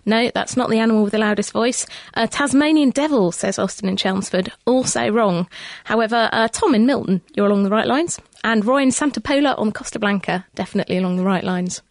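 Brisk woman co-presenting radio, bright pitch. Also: dry recording. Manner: brisk and friendly reading of listener answers. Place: radio studio.

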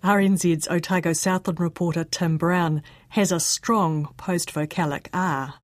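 A woman with a New Zealand accent hosts a radio segment, moving between scripted narration and interview questions. Her voice sits a little low, and she speaks in a clear, measured way. The sound is dry and close. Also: steady tone, no room sound. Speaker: radio host.

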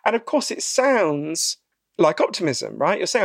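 A man being interviewed about his book, telling stories in a lively conversational way and acting out the voices he quotes. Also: high voice, measured pace, dry recording, studio quality. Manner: animated storyteller, acts out quoted voices, frequent "right?".

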